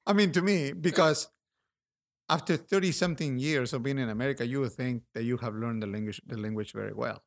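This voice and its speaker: A middle-aged man talking in a casual interview, hesitant and halting, full of fillers, with a self-deprecating humor. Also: medium pitch, gravelly. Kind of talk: casual conversation.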